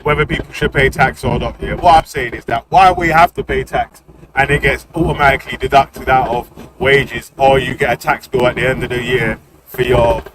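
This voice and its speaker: A man's voice: mid-range voice, fairly even intonation, normal speed. Insistent man hosting a stream. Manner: insistent, repeats "listen" and "yeah" to hold the floor. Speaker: stream host. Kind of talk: live-stream debate. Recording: background noise.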